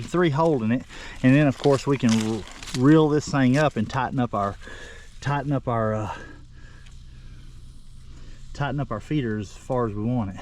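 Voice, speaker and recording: A man's voice: mid-range voice, darkish tone. An older man, rambling and folksy, talking viewers through a job outdoors in the woods. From southern Oklahoma. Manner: folksy, rambling, repeats himself. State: out of breath. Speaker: vlogger. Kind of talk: casual outdoor how-to narration.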